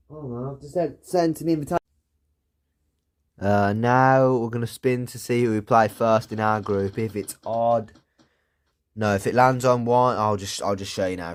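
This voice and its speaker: A man giving casual, rambling commentary while playing a video game, swearing and thinking aloud. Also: fairly low pitch. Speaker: gaming video creator.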